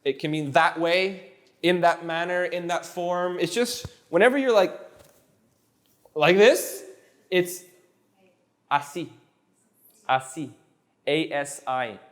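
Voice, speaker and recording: A man teaching a casual one-on-one language lesson, patiently repeating phrases slowly so they sink in. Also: on the high side. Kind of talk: casual tutoring session.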